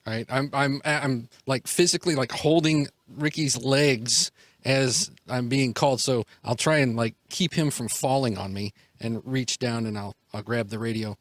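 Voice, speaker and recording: A man's voice: mid-range voice, moderate pace, no room sound, clean studio sound. Casual man describing his moves. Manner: casual, rambling. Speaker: player. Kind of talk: describing actions in a tabletop game.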